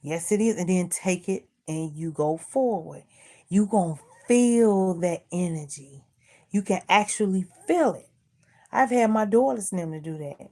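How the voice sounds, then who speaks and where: A woman's voice: fairly low pitch, animated, a little slow, warm tone. A middle-aged woman vlogger in casual chat, earnestly preaching life advice and repeating herself.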